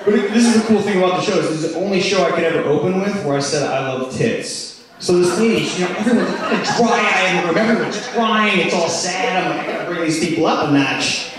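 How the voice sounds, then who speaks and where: A man's voice: sits high, fast talker, hardly any pauses, recorded from a distance, crowd noise. A man doing a stand-up comedy routine, telling rambling stories full of "like" and "you know". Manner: rambling storytelling, lots of "like". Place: comedy club stage. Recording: echoey room, mic heard from afar.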